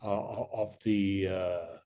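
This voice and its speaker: An older male actor, a guest in an interview, telling animated stories with many restarts. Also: low voice, extremely slow. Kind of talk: interview anecdotes.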